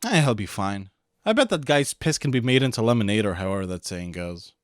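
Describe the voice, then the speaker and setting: A man's voice: a little fast, a little hiss or hum, lightly acted. A man doing a grumbling slacker teen boy. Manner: lower, flat and grumbling. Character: horny, slacker teenage boy. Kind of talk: parody anime recap voice.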